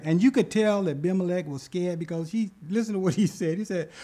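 A man preaching a sermon, retelling scripture with animated bursts and asking the congregation "okay?". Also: sits high, fast talker, few pauses. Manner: animated, rises loud when acting out scripture; addresses congregation with "okay?" asides. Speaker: pastor.

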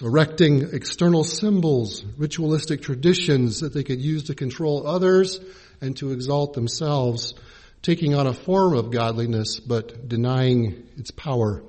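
A man preaching a sermon in a measured, teaching way, pausing to spell out original-language words. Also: fairly high pitch, mellow. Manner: measured, spells out Greek and Hebrew words letter by letter.

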